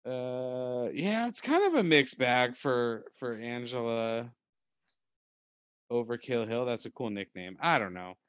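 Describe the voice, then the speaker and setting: A man's voice: medium pitch, lively intonation, a little slow, fairly bright tone, clear, resonant tone, dry recording, lo-fi sound. A man co-hosting a casual sports podcast, rambling and joking, often hedging with "I don't know.". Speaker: podcast co-host.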